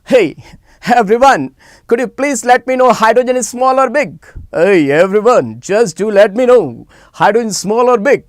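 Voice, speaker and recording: A man teaching a live online chemistry class, animated and repeating phrases as he coaxes students to answer in the chat. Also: high-pitched, normal speed, dry recording.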